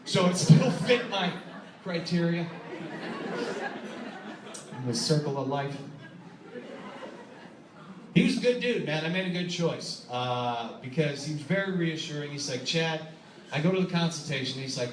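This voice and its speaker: A man does stand-up in a club, his voice high and lively as he acts out the other people in his story. He takes his time over the lines and laughs along with them. The room is echoey, with loud audience laughter behind him. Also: measured pace, long pauses, distant mic, some chatter behind, slight background noise. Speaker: stand-up comedian. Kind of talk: stand-up comedy set. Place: comedy club stage.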